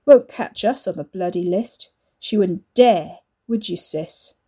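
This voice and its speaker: A woman's voice: medium pitch, unhurried, dark tone, slightly rough. A woman voicing a mocking young man who sneers at his sister in a storybook reading. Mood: sneering. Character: sneering young brother, bullying sibling.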